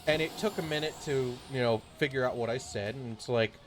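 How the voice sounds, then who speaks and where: A man's voice: mid-range voice, a little fast, faint music behind. A man streaming a game while telling a grumbling, profanity-laced story in a casual chat. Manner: swears freely, grumbling rant.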